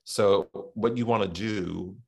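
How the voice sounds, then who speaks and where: A man's voice: fairly low pitch, takes it slowly, creaky, a little mellow. A middle-aged man from Texas with a Southern accent, talking as a podcast guest in a reflective, rambling way with many restarts. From Texas, USA. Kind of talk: casual interview chat.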